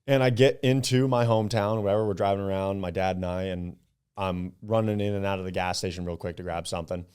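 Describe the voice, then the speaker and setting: A young man from Upstate New York, a podcast guest, chatting casually and acting out his stories with animated quotes and some swearing. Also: deep voice, quick pace, clear, resonant tone. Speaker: podcast guest, club founder.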